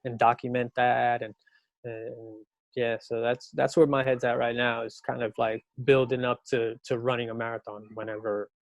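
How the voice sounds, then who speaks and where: A middle-aged man from New York, a podcast guest in casual chat, telling animated, slangy stories. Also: moderate pace, dry recording. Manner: animated storyteller, slangy, mimics people in high voices.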